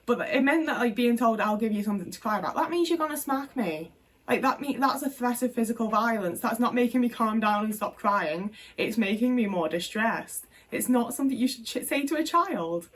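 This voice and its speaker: A woman's voice: fairly high pitch, expressive, moderate pace, recorded from a distance. A young woman vlogger telling personal stories frankly to camera, in a casual, conversational way with fillers and the odd swear word. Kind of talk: candid personal storytelling to camera.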